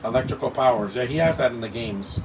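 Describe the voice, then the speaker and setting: A man's voice: medium pitch, quick pace. A man giving live movie commentary, blunt and opinionated, rambling and stammering over his words. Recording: distant mic with air-conditioning hum.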